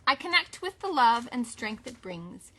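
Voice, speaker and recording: A woman's voice: on the high side, very animated, a little slow, sharp tone. Sing-song woman teaching young kids. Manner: sing-song, upbeat with children. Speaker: teacher and mother. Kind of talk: kids' song and read-aloud lesson.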